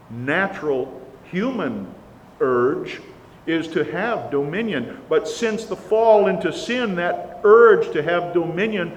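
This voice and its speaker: A man preaching a sermon in an earnest, emphatic way, pushing up hard on the words he stresses. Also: on the high side. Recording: long reverb, faint background hiss.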